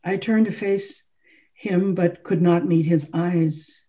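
Brief: a woman author reading her novel aloud, mellow and soft in tone. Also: fairly low pitch, steady tone, slow. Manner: first-person literary narration.

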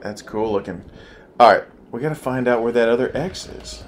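A man playing a video game with his child, chatting casually and cheering excitedly, game music behind him. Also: mid-range voice. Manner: excitable, cheers his kid on with rapid repeated urging. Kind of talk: casual gameplay chat.

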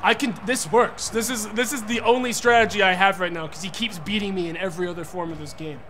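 A young man streaming a wrestling game, frustrated and profane, yelling at the referee between muttered plans. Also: high-pitched, fairly even intonation, quick pace, slight background noise. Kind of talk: gaming commentary.

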